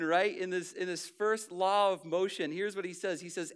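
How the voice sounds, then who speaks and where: A man's voice: sits high, fairly even intonation, normal speed, hardly any pauses, smooth. A man preaching a sermon in a conversational way, restarting phrases and building emphasis as he goes. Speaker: pastor.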